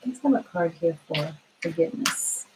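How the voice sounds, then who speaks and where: A woman tarot reader answering viewer questions on a live stream, gentle and reassuring, thinking aloud with frequent fillers. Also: deep voice, expressive, moderate pace, noisy background.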